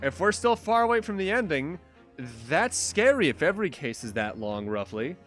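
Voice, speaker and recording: A man's voice: sits high, big pitch swings, moderate pace, fairly bright tone, faint music behind. A man streaming a game, chatting casually and stumbling over his words. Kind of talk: casual let's-play chat and reading.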